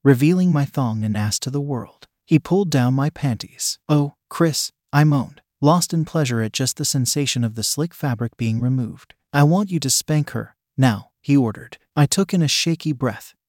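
A man narrating a first-person story in a steady, even read. His voice sits at a middle pitch. The sound is close and dry, with no room around it. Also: moderate pace, hardly any pauses, dry recording.

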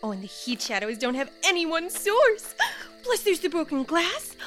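A woman's voice: very high voice, sing-song, moderate pace, a bit bright, soft background music, exaggerated voice. An actress playing a playful, teasing young woman investigating a burned town.

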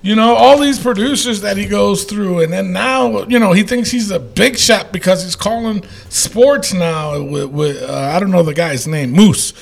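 Gravelly man rambling on a podcast. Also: high voice, moderate pace, few pauses. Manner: rambling, with many fillers and restarts. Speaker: podcast host. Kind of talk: casual podcast chat.

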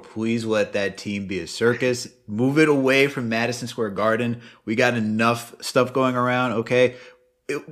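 A man talking sports in casual podcast chat, animated and exasperated as he rants. His voice sits at an everyday middle pitch.

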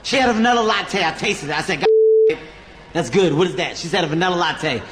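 A man doing stand-up comedy, telling an animated story and acting out both sides with shouted punchlines. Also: a little high, fairly quick, echoey room, noisy background.

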